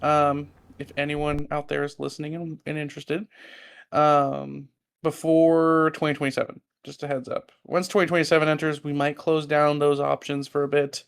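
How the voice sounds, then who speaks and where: A man's voice: a little high, gravelly, clean tone. A man hosting a casual podcast chat, talking loosely and swearing freely. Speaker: host and server owner.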